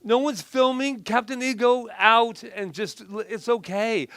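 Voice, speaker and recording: A man's voice: very high-pitched, fairly even intonation, unhurried, fairly bright tone, dry recording. A middle-aged man preaching a casual, conversational sermon, telling personal stories in a chatty, self-deprecating way with frequent restarts. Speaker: minister.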